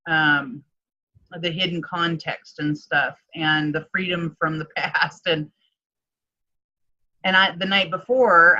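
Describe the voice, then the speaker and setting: A woman's voice: lowish voice, pushed and bright, highs cut off. A woman life coach telling a candid personal story in an interview, full of fillers and acted-out quotes. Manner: emotional storytelling with many fillers, acts out quotes.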